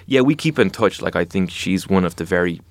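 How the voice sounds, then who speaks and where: A man's voice: low-pitched, animated, fairly quick, dry recording. A man, an actor being interviewed, talking in a thoughtful, rambling way with many fillers. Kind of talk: casual interview chat.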